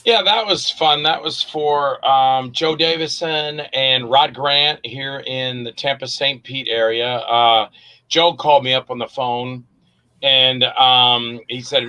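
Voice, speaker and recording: Bright-voiced man telling animated stories. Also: medium pitch, slow, poor audio. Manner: animated storyteller, acts out quotes. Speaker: actor and director, interview guest. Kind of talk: casual interview chat.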